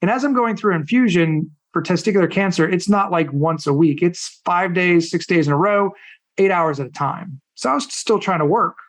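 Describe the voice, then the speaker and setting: Middle-aged male coach, casual and blunt, tells stories with energy in a slightly high voice. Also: normal speed. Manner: animated, acts out quoted people. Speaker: podcast guest, coach. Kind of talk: casual storytelling.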